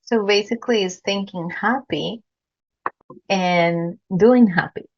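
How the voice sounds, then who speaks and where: In a muffled recording, a woman speaks slowly at a medium pitch while hosting a podcast interview. She handles formal introductions and stays earnest and complimentary about her guest.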